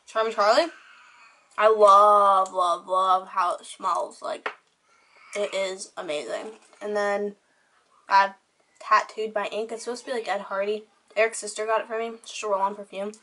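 A woman's voice: mid-range voice, steady tone, moderate pace, bright, forceful tone, a little hiss or hum. Chatty teenage girl rambling casually. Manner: chatty, rambling, heavy use of "like". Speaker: vlogger. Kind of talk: casual show-and-tell chat. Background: crying children.

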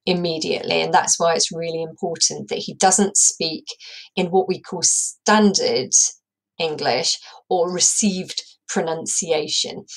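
A woman's voice: deep voice, low-quality recording. A woman English teacher giving a recorded lesson, explaining a play and thinking aloud as she goes.

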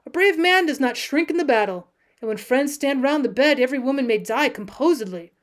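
A woman reads the part of a loyal, wounded young man, earnest and urgent in a storybook reading. The voice stays high and light for the figure. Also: lively intonation, fairly quick. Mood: distressed.

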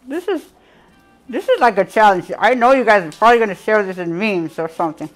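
A woman's voice: mid-range voice, expressive, a little fast, faint music behind. A woman hosting a casual live cooking show, chatty and giggly, talking to her viewers with a piece of bread in her mouth.

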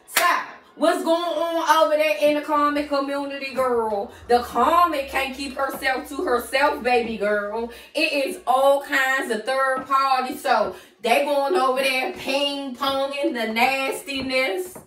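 A woman's voice: sits high, fairly even intonation, measured pace, few pauses, fairly bright tone, reverberant, far from the mic, slight background noise. A woman giving a casual tarot reading in a sassy, slangy way, talking straight to the viewer as "girl". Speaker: tarot reader.

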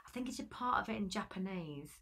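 A woman's voice: medium pitch, animated, fast, gravelly, bright, forceful tone. A woman in her thirties, a guest actress in a casual interview, chatty and laughing as she acts out quotes.

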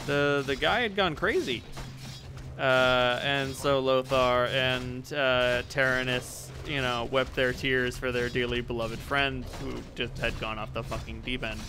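A man's voice: mid-range voice, slow, pushed and bright. A man giving casual let's-play commentary, rambling and joking with frequent swearing. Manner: rambling, profane, jokey. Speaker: game commentator.

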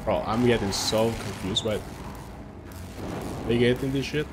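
A young man streaming a game live, chatting excitedly with his viewers and reacting as he plays. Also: lowish voice, unhurried, background noise. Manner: excitable, chatty, talks to chat. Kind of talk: casual live game commentary.

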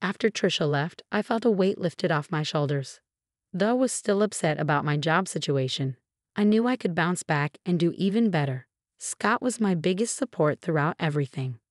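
A woman in her thirties giving a steady, even first-person story narration. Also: on the low side, dry recording, studio quality. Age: 30s.

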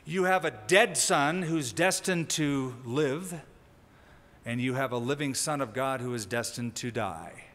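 Pastor preaching in a reverberant hall. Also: male voice, mid-range voice, measured pace. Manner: conversational teaching with lively emphasis. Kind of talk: sermon. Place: church sanctuary.

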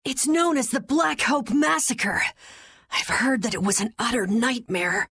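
An earnest, gentle young noblewoman. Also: a little high, expressive, measured pace, husky, no room sound, studio quality, full character voice. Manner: earnest and curious. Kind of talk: game voice acting. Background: game music.

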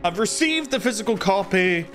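A man's voice: high-pitched, animated, moderate pace, a bit bright, soft background music. A man livestreaming a game, chatting casually and jokingly and greeting viewers by name. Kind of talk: casual gameplay commentary.

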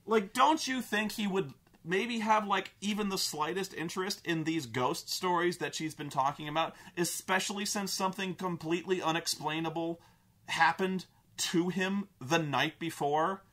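A high, bright-voiced man rants about a film in a casual vlog. He is exasperated and swears freely, and he rambles through restarts and filler words. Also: moderate pace. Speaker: vlogger, film reviewer. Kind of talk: casual rant.

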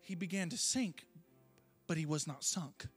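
Impassioned preacher man, husky and high. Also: animated, a little slow, faint music behind. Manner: impassioned, shifts between hushed and loud delivery. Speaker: pastor. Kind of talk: sermon.

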